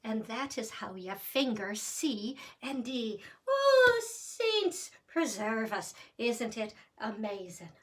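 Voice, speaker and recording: A woman's voice: a little high, very animated, slow pace, hardly any pauses, full character voice. A woman voicing a cheery, hammy female teacher with a put-on Irish accent and folksy exclamations. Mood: playful.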